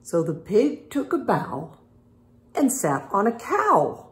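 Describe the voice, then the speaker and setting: An older woman who used to teach reads a rhyming picture book aloud to young children, adding animal sounds and patiently explaining phonics. Her delivery is slow and patient, her medium-pitched voice swoops wildly, and the room is echoey.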